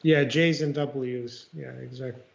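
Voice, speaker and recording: A man from Romania talks slowly in casual chat and often pauses to find the English word. His voice has a gravelly rasp, and the stream audio is dull and lo-fi. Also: medium pitch, steady tone. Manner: halting, hunts for English words.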